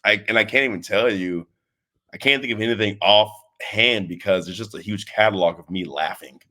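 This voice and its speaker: A man with a lowish voice chats in a relaxed interview, jumping between stories. He rambles and restarts, then acts out what people said with bursts of energy. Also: normal speed. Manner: animated storyteller, rambling with restarts, acts out quotes. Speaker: interview guest, wrestling trainer. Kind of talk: casual interview chat.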